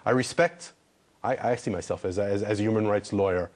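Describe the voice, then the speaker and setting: A man's voice: fairly low pitch, brisk, darkish tone. Earnest ambassador pressing his point. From Israel. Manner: earnest, repeats words when pressing a point. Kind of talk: TV news interview.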